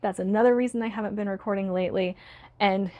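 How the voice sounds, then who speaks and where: A woman's voice: mid-range voice, fairly even intonation, fast, dark tone, dull audio. A woman vlogging casually about books she bought, chatty and laughing often, her voice worn from being sick. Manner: chatty, laughs often, reads blurbs aloud. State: recovering from illness, voice starting to go. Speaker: book YouTuber. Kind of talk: casual book haul vlog.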